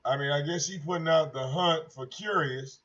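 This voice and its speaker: A high-voiced man holds forth on his own livestream in a brash, profane and mocking way, circling back over the same points. His voice comes through dull, lo-fi stream audio. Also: normal speed, a bit bright. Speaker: livestream host. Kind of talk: casual livestream rant.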